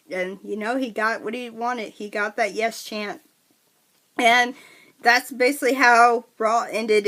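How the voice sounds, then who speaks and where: An excitable woman chats straight to her viewers in a casual recap vlog. Her voice sits at an ordinary middle pitch, and she trips over her words, restarting her sentences and filling gaps with "um" and "like". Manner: chatty, excitable, many restarts and fillers. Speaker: wrestling vlogger.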